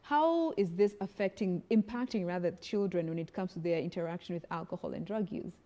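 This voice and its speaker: A woman's voice: fairly low pitch, brisk, dark tone. A woman hosting a morning television show, summing up points in a conversational way and asking guiding questions. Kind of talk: studio television interview.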